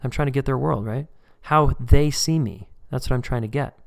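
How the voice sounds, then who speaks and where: A man's voice: medium pitch, normal speed, vocal fry. A man teaching a live online course, talking casually and acting out short example conversations as he explains. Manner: conversational, acts out dialogues. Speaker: course instructor.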